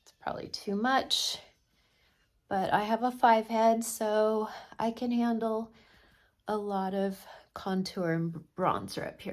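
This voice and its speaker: A woman's voice: medium pitch, darkish tone. A middle-aged woman chatting through a makeup tutorial as a makeup artist, opinionated and talking while she works.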